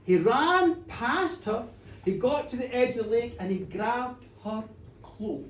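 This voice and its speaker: A woman telling a folk tale live, dramatic, moving from hushed murmurs to shouts. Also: fairly high pitch, animated, slow pace. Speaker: storyteller. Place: bar, live performance before an audience. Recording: roomy, distant live bar recording.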